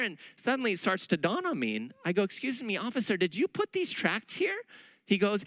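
Brief middle-aged man preaching, high bright voice, lively storyteller who acts out the dialogue, dry close sound. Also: fairly quick, no echo, poor audio. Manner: animated, acts out dialogue in his stories. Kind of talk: sermon storytelling.

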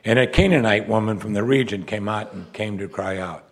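A man preaching a sermon as pastor, swinging between loud exclamations and hushed asides. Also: lowish voice, a little fast.

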